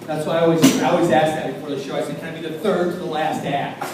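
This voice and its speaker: A man from small-town Maine doing a loud, self-deprecating stand-up set on a club stage, yelling his punchlines. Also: fairly high pitch, level tone, quick pace, very noisy. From small town in Maine, USA. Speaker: stand-up comedian. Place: comedy club stage in a large room. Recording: echoey club room from far off, audience crowd.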